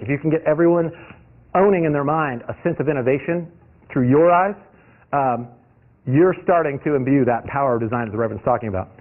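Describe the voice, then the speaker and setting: Fast-talking man telling anecdotes. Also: fairly high pitch. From US East Coast. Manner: lively, anecdotal storytelling with frequent restarts. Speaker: guest lecturer, industrial designer. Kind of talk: lecture with personal anecdotes. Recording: tinny lo-fi recording.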